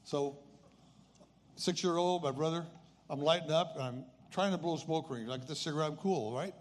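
A man's voice: on the high side, normal speed. A man in his eighties telling a personal story as a faith testimony in an earnest, conversational way. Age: 80s. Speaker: speaker sharing a personal testimony.

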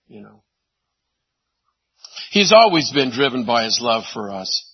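A man preaching a sermon, animated, swinging from loud exclamations to hushed asides. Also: medium pitch, unhurried, breathy edge, dull audio. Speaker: pastor.

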